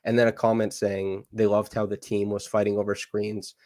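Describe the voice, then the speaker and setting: A man's voice: fairly low pitch, level tone, darkish tone, no echo. A man hosting a live podcast, giving an eager, detailed basketball breakdown full of casual fillers. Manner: fast, enthusiastic breakdown with fillers. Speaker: podcast host. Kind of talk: casual basketball analysis chat.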